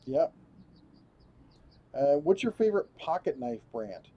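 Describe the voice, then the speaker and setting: A man's voice: fairly high pitch, very animated, unhurried, muffled recording. A man hosting a casual live stream, rambling as he reads viewer comments aloud and chats. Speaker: host.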